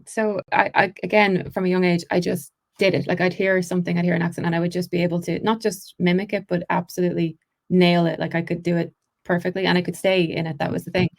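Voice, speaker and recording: A woman with an Irish accent, an actress and accent coach, telling stories in a chatty podcast interview, quick and full of restarts. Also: on the low side, little pitch movement, creaky. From Ireland.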